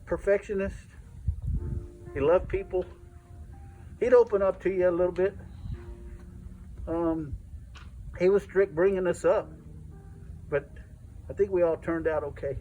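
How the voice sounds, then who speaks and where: A man's voice: sits high, unhurried, long pauses, warm tone, faint music behind, rough recording. A middle-aged man giving a eulogy for his father, telling stories and acting out the dialogue. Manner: anecdotal, acts out dialogue in quotes. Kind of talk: storytelling eulogy. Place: memorial service.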